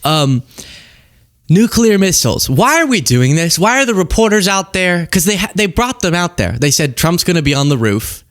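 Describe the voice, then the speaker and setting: A young man hosting a comedic political commentary show, sarcastic and animated, often laughing mid-sentence. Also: high-pitched, normal speed, dry recording, studio quality.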